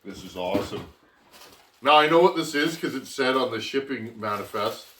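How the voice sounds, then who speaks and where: A man's voice: mid-range voice, expressive, normal speed, sharp tone, far from the mic. A man from Canada hosts his chainsaw channel, chatting to viewers as he opens parcels and doubling back on his words as he goes. His voice carries an echo from a roomy workshop. He stands a little way from the mic, and faint noise sits underneath. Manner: rambling, restarts, addresses viewers as friends. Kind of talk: casual vlog, opening mail.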